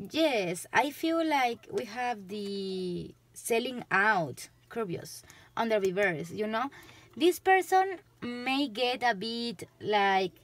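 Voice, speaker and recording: Slow, giggly woman with a Spanish accent. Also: on the high side, a bit bright. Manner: giggly, chatty, loose rambling. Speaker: tarot reader. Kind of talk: casual tarot reading to camera.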